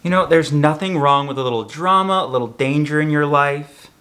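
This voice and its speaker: A man's voice: on the high side, fairly quick, a bit bright. A man talking through a makeup tutorial in a chatty, sassy way. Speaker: makeup vlogger.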